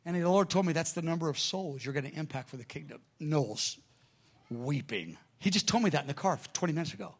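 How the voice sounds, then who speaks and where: Animated middle-aged male preacher telling stories. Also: a little high, a little fast. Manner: animated storyteller, acts out quoted dialogue. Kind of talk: sermon storytelling.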